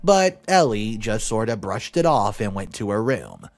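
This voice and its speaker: Lively young man narrating a story. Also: fairly low pitch, normal speed. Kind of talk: reading a story aloud. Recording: dry close voice with faint music.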